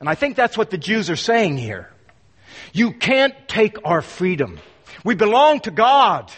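A man's voice: high voice, very animated, measured pace, fairly bright tone. A man preaching an expository sermon, emphatic and full of rhetorical questions. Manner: emphatic, rhetorical questions, acts out quoted voices. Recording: long hall reverb.

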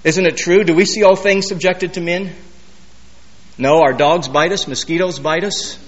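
A man preaching an expository sermon, emphatic, repeating key phrases and dropping low and quiet to stress a point. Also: steady tone, normal speed, lo-fi sound. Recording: long reverb of a large hall.

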